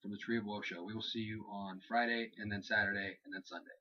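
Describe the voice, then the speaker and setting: Husky young man, lo-fi recap chat. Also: fairly low pitch, little pitch movement, quick pace, sharp tone. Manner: rambling recaps, acting out wrestlers' lines. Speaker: co-host of a wrestling review show. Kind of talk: casual chat. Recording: dull lo-fi home recording.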